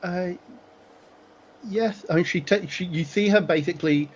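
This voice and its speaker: Halting, fairly high-voiced man as game master. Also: lo-fi sound, slight background noise. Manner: halting, many fillers. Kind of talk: narrating a tabletop game.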